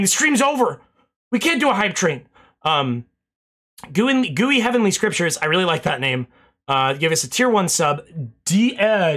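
A man's voice: sits high, a bit bright. A young man streaming, rambling casually through thank-yous to his chat and swearing now and then, a little out of breath.

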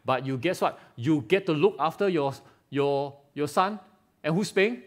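A man preaching a lively sermon in Singaporean English, firing rhetorical questions and teasing members of the congregation by name. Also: on the high side, measured pace. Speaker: pastor. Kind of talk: live sermon. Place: church hall.

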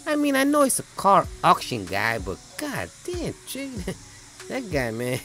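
Heckling viewer, male, mock-outraged and cussing, bright tone, pitch leaps around as a man puts him on. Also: wildly swooping pitch, unhurried, faint music behind, exaggerated voice. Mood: scolding. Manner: scolding, swearing, mock outrage. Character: irate adult male viewer heckling a painter.

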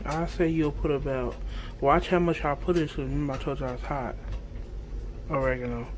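A woman's voice: deep voice, fairly even intonation, normal speed, slight background noise. A woman vlogger chatting casually to her viewers while cooking in her home kitchen. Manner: chatty, talks straight to viewers, playful. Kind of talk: casual cooking chat to camera.

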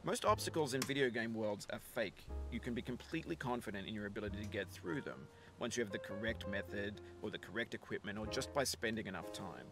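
A man narrating a video game in a measured, thoughtful voice-over, reflecting calmly on climbing and failure. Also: lowish voice. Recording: game narration with music behind.

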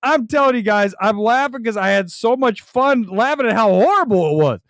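A man's voice: high-pitched, normal speed, no room sound. A male host ranting about a movie on a live stream, mocking it and laughing often as he talks. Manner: animated, mocking, laughs a lot while ranting.

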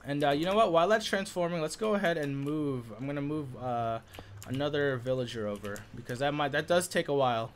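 A man hosting a casual let's-play video, chatty and excitable, talking to his viewers with many filler "uh"s. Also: fairly high pitch, fairly quick, a little hiss or hum. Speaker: gaming video host.

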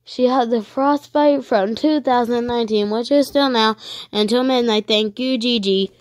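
A woman narrating her online game as she plays, excitable and easily frightened, giving running commentary. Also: on the high side, moderate pace, dry recording. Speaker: gaming channel host. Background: dogs barking sometimes.

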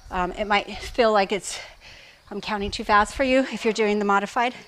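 A woman fitness coach leading a workout, counting reps and giving form cues, out of breath and breathy between sets. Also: medium pitch, fairly even intonation, moderate pace, a bit bright, slight background noise.

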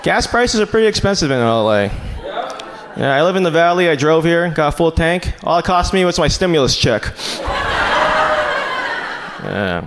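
A man's voice: on the high side, very animated, moderate pace, pauses often. A man doing a stand-up comedy set on a club stage into a handheld mic. He talks in a loose, chatty way and keeps saying "man" and "you know". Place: comedy club stage before a live audience. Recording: live club recording with audience laughter and noise.

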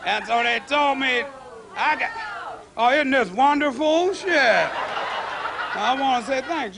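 A man hosting a stand-up show, signing off to the audience in a slow, laid-back, profane drawl. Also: very high voice, gravelly. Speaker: show host and comedian. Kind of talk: stand-up sign-off. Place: comedy club stage. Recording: noisy 1980s club recording.

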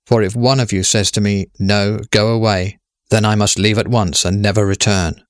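A man's voice: on the low side, little pitch movement, no echo, studio quality, lightly acted. A man reading as Death, a grave young lady. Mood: solemn. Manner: measured, solemn, pleading questions. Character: death as a golden-haired young woman, grave.

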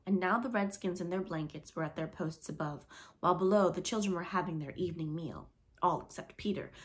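A woman narrating a classic storybook in an expressive, lively reading manner. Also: lowish voice. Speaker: audiobook reader.

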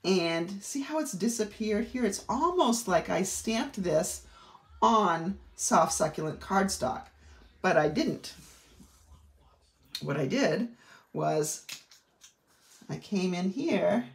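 A woman's voice: fairly low pitch, lively intonation, takes it slowly, creaky, pauses often. A middle-aged woman with a Maine accent, demonstrating a craft technique in a chatty way with rambling asides. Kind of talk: craft tutorial. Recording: roomy echo.

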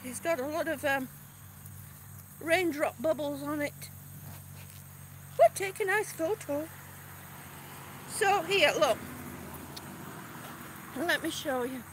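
A woman's voice: high-pitched, slow pace, long pauses, a little hiss or hum. A middle-aged woman vlogging outdoors in casual live-stream chat, chatty and a little exasperated, with sighs. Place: outdoors on grass. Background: crickets and passing cars.

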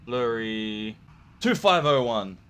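A man's voice: medium pitch, animated, slow, fairly bright tone, clear, resonant tone. A young man giving gameplay commentary on a horror game, joking and swearing with jumpy reactions. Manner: jokey, profane, jumpy reactions. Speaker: gamer playing a horror game.

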